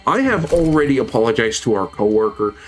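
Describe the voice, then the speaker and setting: A man's voice: medium pitch, very animated, brisk, faint music behind. A man in a mid-range voice tells a story to his stream in a loose, casual way. He swears freely and gets heated as he retells it.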